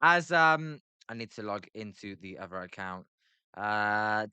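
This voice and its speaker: A British man calls a baseball game live from his computer, reading viewer chat between pitches. His voice is bright and crisp, sitting slightly high, with a loose, scattered delivery full of filler ums and self-deprecating jokes. The sound is dry and close. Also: lively intonation, slow, long pauses, no echo, dull audio. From Britain. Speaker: live play-by-play streamer.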